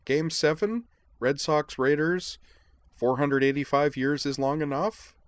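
A man's voice: medium pitch, lively intonation, brisk, no echo, pitched above the performer's own voice, close to an everyday voice. A man reading aloud, voicing Edward as an eager, insistent young sports fan who speaks of himself in the third person. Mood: excited.

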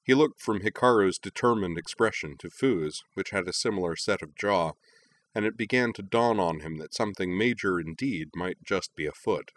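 A man narrating a story in a lively, expressive reading. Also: low-pitched, moderate pace.

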